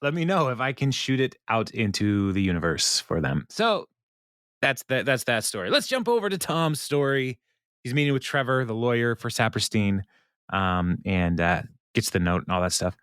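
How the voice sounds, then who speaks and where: A man's voice: mid-range voice, very animated, moderate pace, fairly bright tone, smooth, dry recording, clean studio sound. A man co-hosting a podcast, casually recapping a TV episode with lots of fillers and frequent laughter. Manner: rambling, filler-heavy, laughs often. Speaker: podcast co-host.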